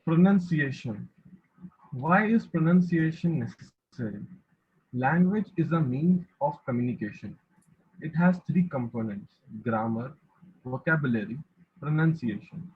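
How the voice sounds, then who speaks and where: A man student reading a prepared presentation aloud in measured, list-like steps. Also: a little high, lively intonation, slightly rough. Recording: tinny phone-like line.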